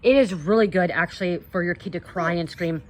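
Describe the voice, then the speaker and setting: A woman's voice: fairly low pitch, a little fast. A woman giving earnest spiritual advice in a casual, rambling monologue, often adding "you know" and "okay?". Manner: earnest, coaching tone addressing viewers. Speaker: spiritual content creator.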